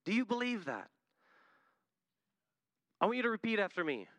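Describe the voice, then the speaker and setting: A man's voice: high-pitched, very animated, moderate pace, long pauses, fairly bright tone, dry recording. A man preaching a sermon in an earnest manner, often building to emphatic peaks. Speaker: missionary preacher.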